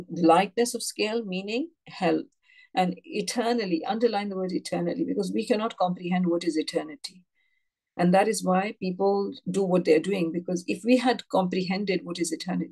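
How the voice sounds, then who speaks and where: Low, gravelly woman teaching scripture. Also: darkish tone, rough recording. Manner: reads a verse, then explains it in plain words and asks students to underline; conversational, with frequent "you know" and "yeah". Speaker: Quran teacher. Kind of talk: religious lesson, explaining verses.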